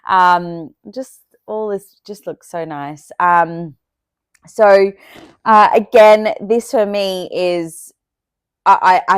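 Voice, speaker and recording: A woman's voice: lowish voice, no echo, studio quality. A woman chatting casually to camera about her oracle card reading, with lots of hesitant fillers and restarts. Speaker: spiritual vlogger reading oracle cards.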